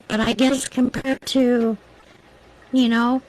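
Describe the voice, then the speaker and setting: A woman's voice: a little high, fairly even intonation, slow pace, a little mellow, slight background noise, poor audio. A woman hosting a livestream in casual chat, with a weak voice that is hard to project, telling a story in a chatty, rambling way. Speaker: livestream host.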